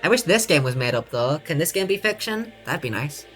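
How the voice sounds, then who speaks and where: A young woman streaming a game, talking in a low voice and reacting with sarcastic, casual commentary. She swears freely and laughs a lot, with faint music underneath. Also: big pitch swings, brisk. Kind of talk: casual let's-play commentary.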